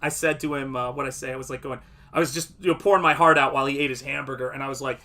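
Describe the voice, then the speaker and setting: Bright-voiced man, chatty storyteller. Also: medium pitch, racing. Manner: animated storytelling, acts out quotes. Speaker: comic artist streamer. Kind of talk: casual livestream chat.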